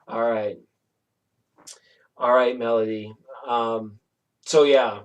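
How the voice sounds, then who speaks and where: A man giving a casual tarot reading to a viewer, talking in a meandering, reflective way and often softly apologizing. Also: medium pitch, steady tone, slow, pauses often. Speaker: tarot reader.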